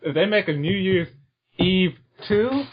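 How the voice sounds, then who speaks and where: A man from Alabama, co-hosting a casual movie-review chat, animated and opinionated. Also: high-pitched, measured pace, a little hiss or hum. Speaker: podcast co-host. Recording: dull lo-fi podcast audio.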